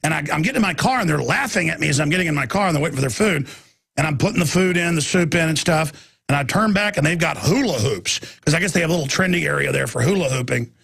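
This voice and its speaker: A man in his forties hosting a radio talk show, telling a rambling story and breaking into high mocking squeals when he imitates people. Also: expressive, quick pace, creaky, fairly bright tone, slightly rough.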